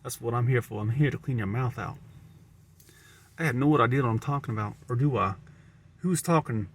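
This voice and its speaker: A man's voice: mid-range voice, fairly quick. A man with a Southern American accent, musing aloud in a rambling monologue to camera, often repeating and restarting words. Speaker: vlogger. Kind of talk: rambling stream-of-consciousness monologue.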